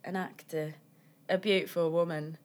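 A woman's voice: fairly low pitch, steady tone, moderate pace. A young woman co-hosting a podcast in casual chat, joking, laughing often and swearing freely. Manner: swears a lot, jokey, laughs often, dips into accents. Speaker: podcast co-host.

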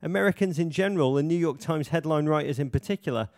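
Theatrical British man with gravelly voice. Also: fairly high pitch, fast talker, a little mellow, no echo, studio quality. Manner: grandiose, theatrical phrasing. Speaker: podcast co-host. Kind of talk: comic podcast banter.

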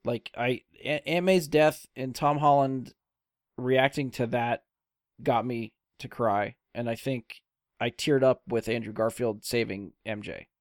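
Male podcast host, mid-pitch, keen and casual, dry close mic. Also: steady tone, unhurried, no room sound. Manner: enthusiastic, swears casually. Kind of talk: casual film discussion.

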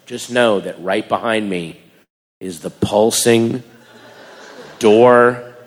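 A man doing stand-up, telling a story in an animated way, acting out voices and shouting punchlines. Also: lowish voice, slow pace. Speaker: stand-up comedian. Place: comedy venue before a live audience. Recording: live room with long reverb and crowd. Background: audience laughter and crowd noise.

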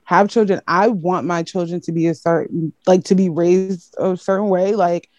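Animated young woman, dry close sound. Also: on the low side, normal speed, no echo. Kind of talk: casual chat among friends.

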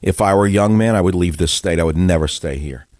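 Older guy ranting on talk radio, very deep voice, dry close mic. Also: fast, a little mellow, no room sound. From United States. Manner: angry ranting. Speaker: radio host.

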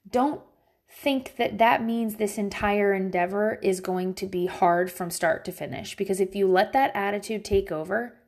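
A woman talking casually from home to viewers about parenting, blunt and profane, with lots of filler words and sudden swings in pitch. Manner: animated, jumps between high and low pitch. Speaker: parent vlogging about teaching her kids at home. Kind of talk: casual, candid advice talk to viewers.

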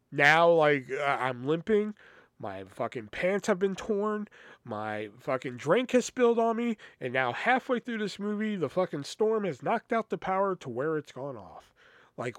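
A man's voice: a little high, dry recording, clean studio sound. Profane, rambling young man telling stories. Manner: rambling, profane, exasperated storytelling. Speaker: podcast host. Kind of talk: casual storytelling.

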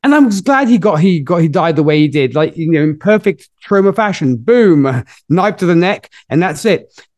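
Upbeat, fairly high-voiced man reviewing movies. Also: normal speed, dry recording. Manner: enthusiastic, lively storytelling. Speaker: podcast host. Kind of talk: casual movie review chat.

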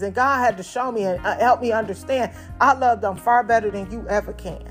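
A woman's voice: on the high side, a little fast, few pauses, soft background music. Woman preaching a folksy conversational sermon. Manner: conversational preaching with asides to the congregation.

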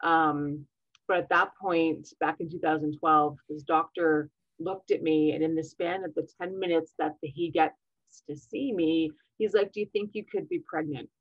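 Animated woman on a muffled call. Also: low voice, a little slow, dry recording. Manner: animated, acts out quoted dialogue. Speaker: podcast guest. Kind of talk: casual storytelling interview.

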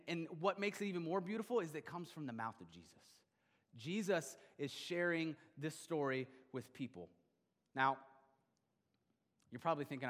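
A man preaching a sermon, retelling a parable with animated energy and repeated rhetorical questions. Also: on the high side, long reverb tail. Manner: animated storytelling, voicing the father with rising excitement. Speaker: pastor.

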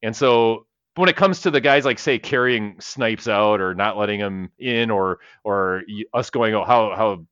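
Casting: low, bright-toned man, rambling podcast co-host, swears, laughs, slightly dull dry mic. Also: unhurried, few pauses, smooth, no room sound. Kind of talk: casual movie podcast chat.

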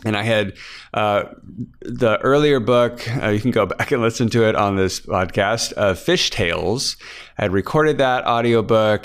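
Speaking at a normal speed, a Kansas man with a low, smooth voice rambles through a casual behind-the-scenes chat. He's an author and podcast host, and his talk is full of fillers and restarts.

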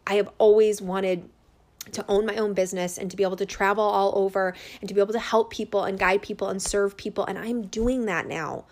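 Her voice is mid-range and steady, and she speaks briskly. She's a woman in her thirties, a holistic healer who runs her own business, sharing a sincere, open testimonial with her vlog viewers, off the cuff, rambling and packed with fillers.

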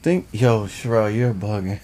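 A man's voice: lowish voice, expressive, moderate pace, a little mellow. A man co-hosting a casual podcast chat in a laid-back, easygoing way. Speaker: podcast co-host.

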